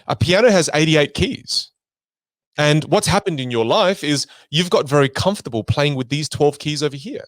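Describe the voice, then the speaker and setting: A man guest on an interview podcast, a voice coach who talks expressively and swings his pitch and volume to make his points. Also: very animated, moderate pace, no echo. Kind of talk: animated conversational interview.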